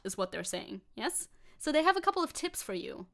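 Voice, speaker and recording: A woman with a fairly high voice comments on posts during a live stream. Her tone is sarcastic. She laughs often and trails off into restarts as she rambles. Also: very animated, fairly quick, vocal fry, fairly bright tone. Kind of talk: casual commentary reading posts.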